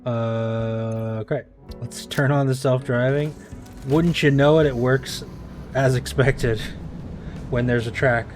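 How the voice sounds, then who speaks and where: An American man streams himself playing a game, rambling casually with chatty asides and often correcting himself mid-sentence. His mid-range voice is steady and slow. Music plays in the background.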